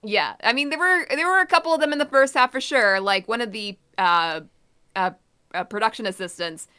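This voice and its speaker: Bright-voiced woman ranting on a podcast. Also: fairly high pitch, fairly quick, clear, resonant tone. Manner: ranting, exasperated, blunt. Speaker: podcast co-host. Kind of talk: casual podcast chat.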